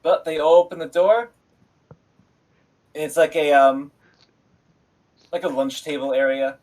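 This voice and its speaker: A man's voice: fairly high pitch, steady tone, a little slow, a little mellow. A man narrating a tabletop game on a live stream as game master, casual, laughing often and swearing freely.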